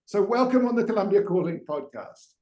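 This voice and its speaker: A man's voice: high voice, expressive, fairly quick, a little mellow. A man hosting a podcast interview, chatty and digressive with many fillers and restarts. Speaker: podcast host. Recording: roomy echo.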